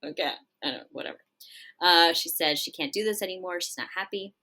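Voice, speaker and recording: A woman co-hosting a podcast, retelling a show's scenes in casual chat. She acts out the quoted lines, corrects herself often and keeps clearing her throat. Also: on the low side, brisk, pushed and bright, poor audio. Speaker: podcast co-host. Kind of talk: casual episode recap chat.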